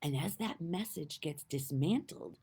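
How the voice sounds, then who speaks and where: A middle-aged woman with a low, husky voice talks slowly and earnestly about self-kindness. Her delivery is emotional, with wide swings in pitch and loudness, sometimes dropping almost to a whisper and sometimes rising to emphatic exclamations. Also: expressive. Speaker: spiritual speaker. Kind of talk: heartfelt inspirational monologue.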